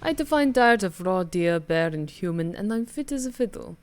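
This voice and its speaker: A woman voicing a cold, blunt huntress in a put-on Russian accent, flat and deadpan. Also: on the low side, moderate pace, smooth, soft background music, lightly acted.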